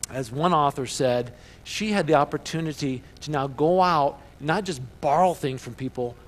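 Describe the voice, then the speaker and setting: Preacher, male, lively delivery, mid-high voice, recorded in a reverberant church hall. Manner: animated, calls for congregation responses. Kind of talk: sermon.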